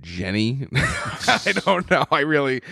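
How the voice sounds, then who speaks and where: A man's voice: fairly high pitch, huge pitch swings, slow, creaky, bright, forceful tone, husky. A young man telling a rambling, profane story in casual chat as a podcast co-host. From New York.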